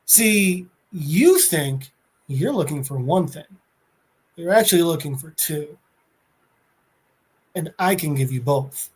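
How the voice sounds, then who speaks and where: A smug, scheming dealmaker, put on by a man retelling a comic, boasting and wheedling. His pitch climbs high and swings wide as he sells his offer. He tosses off his lines in a slick, teasing way. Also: lively intonation, slow, long pauses, husky, heavily acted. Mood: sly.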